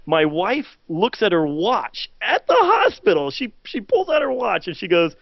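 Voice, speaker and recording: A man co-hosting a podcast, telling a long story in casual chat, animated with many fillers and loud acted-out quotes. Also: high-pitched, normal speed, creaky, no room sound, muffled recording. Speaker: podcast co-host.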